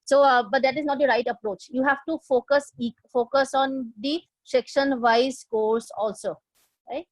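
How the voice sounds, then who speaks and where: A woman's voice: high-pitched, steady tone, moderate pace, no echo, poor audio. A woman presenting a live online lesson on test preparation, explaining step by step and asking her audience questions. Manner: explanatory, asks the audience questions, frequent fillers and restarts. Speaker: test prep instructor.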